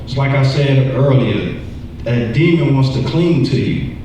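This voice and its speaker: A man teaching a church lesson in a relaxed, talky way. He often repeats words as he speaks. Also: medium pitch, measured pace, slight background noise. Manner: conversational, repeats words, acts out voices. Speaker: Bible study teacher. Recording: echoey room, distant mic.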